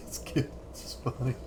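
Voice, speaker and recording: A man in his thirties rambling through a casual film commentary as a channel host, chuckling often between remarks. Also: background noise.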